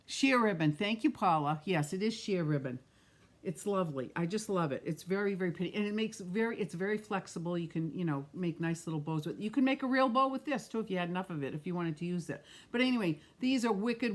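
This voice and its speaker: A middle-aged woman, chatting with viewers by name while demonstrating a card-making craft on a live stream. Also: on the low side. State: has the hiccups.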